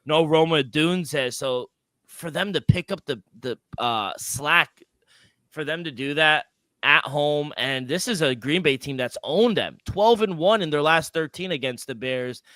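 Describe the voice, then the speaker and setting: A man co-hosting a sports betting podcast, talking casually and excitably, with loose restarts and the odd swear. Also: on the high side, a little slow, no echo. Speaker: podcast co-host.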